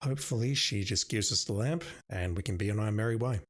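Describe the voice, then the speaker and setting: A man's voice: fairly low pitch, quick pace. Man musing through an adventure game. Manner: thinking aloud, wry asides. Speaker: let's-play gamer. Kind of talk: casual gameplay commentary.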